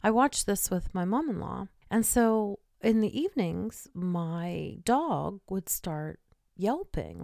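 A woman's voice: medium pitch, expressive, measured pace, gravelly, darkish tone, dry recording, clean studio sound. A woman podcast host telling personal stories in a chatty way, laughing between them. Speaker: podcast host and intuitive medium. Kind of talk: personal storytelling monologue.

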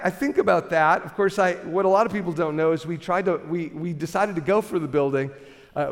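Animated pastor in a big echoing hall. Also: male voice, fairly high pitch. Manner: animated, self-deprecating storyteller with many restarts. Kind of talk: sermon storytelling. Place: large church hall. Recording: reverberant church hall.

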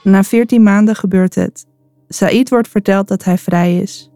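A woman's voice: medium pitch, fairly even intonation, normal speed, dark tone. A woman narrating a documentary in an earnest, reflective way. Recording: faint music underneath.

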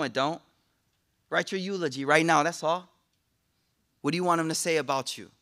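A young man delivers a sermon in a high, bright voice. He talks to the crowd directly, cracking jokes and using slang. He also rattles off Arabic quotations at speed. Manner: casual, joking, slangy, addresses the audience directly; recites Arabic quotations quickly. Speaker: Islamic lecturer. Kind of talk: energetic sermon to a live audience.

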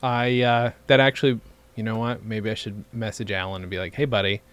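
A man's voice: lowish voice, brisk, a bit bright, smooth. A man co-hosting a podcast in casual, enthusiastic chat, talking into a studio mic. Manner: enthusiastic, exclamatory. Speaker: podcast co-host. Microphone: studio microphone.

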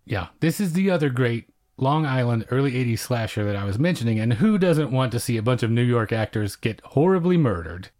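A man's voice: medium pitch, lively intonation, a little fast, hardly any pauses, a little mellow. A man in the middle of his range, talking through old horror films on a casual podcast. His manner is enthusiastic and a little wry, like a devoted film buff. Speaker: podcast co-host. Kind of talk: casual film review chat.

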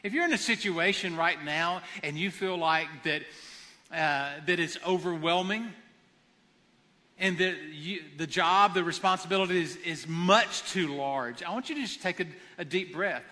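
Bright, high-voiced man preaching. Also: moderate pace, big-room sound. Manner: earnest, repeats phrases for emphasis. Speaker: pastor. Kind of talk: sermon.

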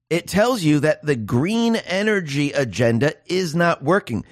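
A male commentator delivering a monologue in a fairly high voice. He talks emphatically, asking one rhetorical question after another. The sound is dry and close, with no room echo. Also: animated, measured pace. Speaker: political commentary host.

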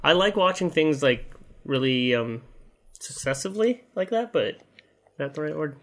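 A man's voice: fairly high pitch, expressive, normal speed. A man co-hosting a podcast, telling a story in a loose, rambling way. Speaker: podcast co-host. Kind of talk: casual chat.

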